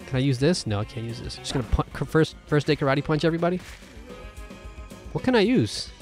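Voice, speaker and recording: A man's voice: fairly high pitch, expressive, a little fast, soft background music. Male game host, casual commentary, jokey and exclamatory.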